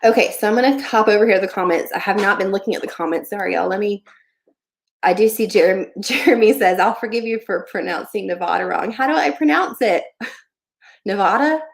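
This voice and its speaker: A woman's voice: medium pitch, brisk, vocal fry. Chatty young woman hosting a livestream. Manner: chatty, friendly, many fillers like "um" and "like". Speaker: livestream host giving online shop advice. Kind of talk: casual livestream Q&A.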